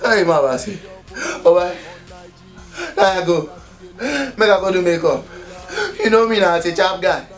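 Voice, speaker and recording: A Nigerian Pidgin-speaking man tells his tale in a high, excitable voice, chuckling between breathless lines. It is comedy-skit storytelling with faint music underneath. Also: a little slow.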